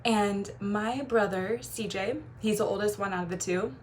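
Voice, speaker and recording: Warm and gushing, this young feminine energy coach speaks to camera about relationships in a mid-range voice, laughing lightly and often while doing playful quoted voices. There's slight background noise behind her casual delivery.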